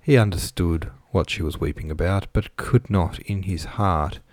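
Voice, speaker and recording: Low-voiced man reading a classic novel. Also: normal speed, a little mellow, no echo. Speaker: audiobook narrator. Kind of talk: scripted narration of a classic novel.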